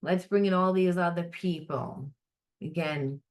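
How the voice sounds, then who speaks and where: A middle-aged woman giving an unscripted psychic reading, blunt and animated, swearing freely and acting out the voices she quotes. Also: on the low side, unhurried. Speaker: psychic tarot reader.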